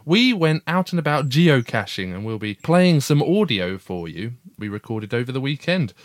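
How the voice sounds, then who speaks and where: A man's voice: medium pitch, sing-song, moderate pace, no room sound, clean studio sound. A man co-hosting a casual family podcast with his young daughter, playful and teasing, with frequent "uh"s and restarts.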